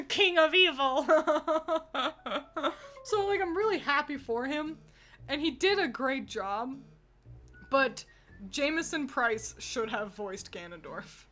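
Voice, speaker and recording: A woman's voice: high voice, a bit bright. A woman streamer in casual, rambling chat, laughing often as she reacts to fan art.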